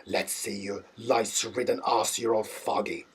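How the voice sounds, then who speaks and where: A man voicing a rough, violent middle-aged laborer who speaks in a gruff, threatening way. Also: fairly low pitch, steady tone, moderate pace, far from the mic, a little hiss or hum, voice pushed down, natural voice. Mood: menacing.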